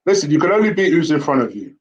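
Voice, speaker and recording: A man giving casual football player ratings, relaxed and a little hesitant with many fillers. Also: a little high, rapid-fire, highs cut off, slight background noise. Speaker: host football pundit.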